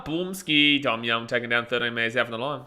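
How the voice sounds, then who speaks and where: Excitable Australian man calling a match. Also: mid-range voice, quick pace, clean tone. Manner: excitable, blunt and crude, reacts loudly to plays. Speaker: streamer. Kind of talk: live match watch-along commentary.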